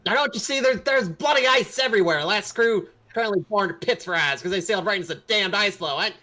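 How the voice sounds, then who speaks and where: A man doing a gruff shouting old dwarf. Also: high-pitched, fast, voice pushed up. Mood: blustering. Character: gruff old male dwarf boat owner, bossy.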